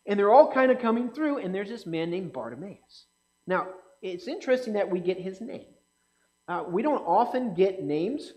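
A man's voice: high voice, low-quality recording. A man giving a conversational sermon, asking his listeners questions and acting out the people in the story. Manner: animated, asks the audience questions, acts out quotes. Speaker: pastor or Bible teacher. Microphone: speaking to a live group, slide on screen.

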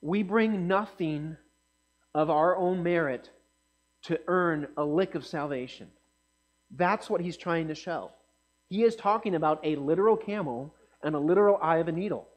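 Male preacher, high voice, conversational sermon delivery, slight electrical hum under it. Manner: conversational, animated asides to the congregation. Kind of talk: sermon with scripture reading.

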